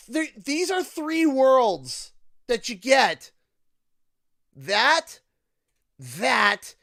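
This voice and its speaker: A Canadian man streaming a game, ranting with sarcasm and bursts of shouting. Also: very high voice, dry recording, clean studio sound. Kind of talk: gaming livestream commentary.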